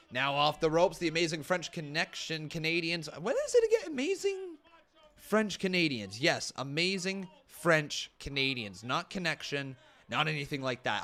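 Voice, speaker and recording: A man's voice: a little high, bright, forceful tone. A man hosting a live stream watch-along, commenting with upbeat energy, laughing often and chatting with his viewers. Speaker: host.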